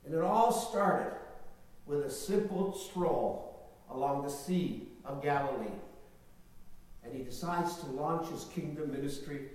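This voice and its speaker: A man preaching a sermon with emphatic, repetitive phrasing and big swings between quiet and loud, in a large church hall. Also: fairly high pitch, measured pace. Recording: echoey hall, voice from far off.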